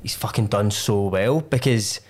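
A man's voice: lowish voice, normal speed, a little mellow. A man hosting a podcast, reacting in a chatty, agreeable way. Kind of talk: casual chat.

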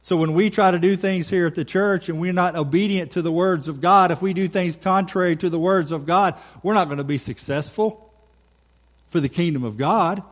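Pastor guy preaching, kinda high voice, punchy and repeats stuff. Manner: emphatic, repeats key phrases, slows down for scripture. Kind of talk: sermon.

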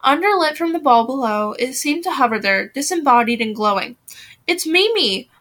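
A woman's voice: sits high, a little fast. A woman reading a novel aloud, voicing the dialogue with feeling and now and then restarting a phrase. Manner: reads with lively acted dialogue and occasional restarts. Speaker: reader.

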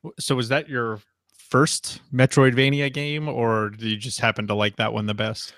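A man's voice: medium pitch, flat delivery, normal speed, a bit bright, no echo, studio quality. A man in his thirties chatting casually on a podcast, rambling with lots of fillers. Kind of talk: casual chat.

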